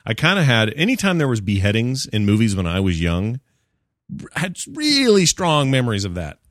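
A man hosting a relaxed movie talk, his voice rising and falling widely as he jokes. The sound is close and dry, with no room around it. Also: medium pitch, moderate pace, no echo. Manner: animated, jokey, puts on silly voices when quoting. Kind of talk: casual movie chat.

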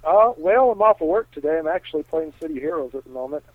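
A man's voice: on the high side, expressive, quick pace, no echo. A young man answering a call on a comedy talk show, replying in a laid-back, mumbled way. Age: young adult. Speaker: caller. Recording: tinny phone line.

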